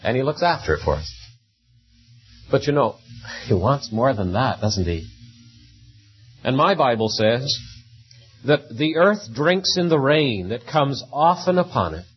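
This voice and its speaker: A man's voice: mid-range voice, big pitch swings, measured pace, long pauses, breathy edge, highs cut off. A man preaching a sermon in a conversational way, often tagging rhetorical questions onto his points.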